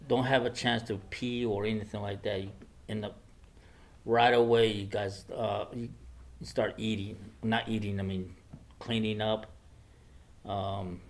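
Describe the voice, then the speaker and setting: Older man telling stories, halting. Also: on the low side. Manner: hesitant, many fillers and restarts. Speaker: guest speaker. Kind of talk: personal storytelling to a class. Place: classroom.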